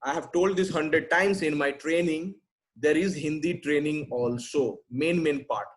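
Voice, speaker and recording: Male sales trainer, slightly raised pitch, blunt emphatic delivery over a video-call mic. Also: a little slow, low-quality recording. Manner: blunt, emphatic, repeats "right?" and "simple". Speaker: sales trainer answering questions. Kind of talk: webinar Q&A.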